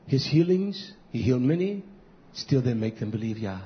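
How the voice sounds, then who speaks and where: A male pastor preaching a fiery sermon, swinging from loud shouting to hushed near-whispers and repeating key phrases. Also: medium pitch, very animated, moderate pace, slight background noise. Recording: dull lo-fi recording.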